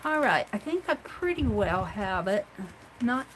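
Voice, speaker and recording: A woman's voice: medium pitch, sing-song, measured pace, a bit bright, slight background noise, rough recording. A woman hosting a casual craft livestream, chatting to herself and viewers as she tidies her supplies at home. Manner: chatty, talks herself through tidying up.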